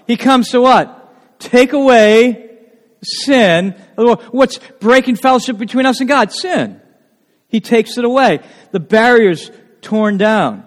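A man preaching a sermon, often asking the congregation questions and slowing down to stress key words. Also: high voice, in a large hall. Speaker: pastor.

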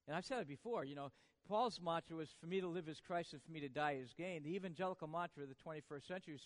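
A male pastor preaching a sermon, swinging from hushed to loud and tossing rhetorical questions at the congregation. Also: on the high side, big-room sound.

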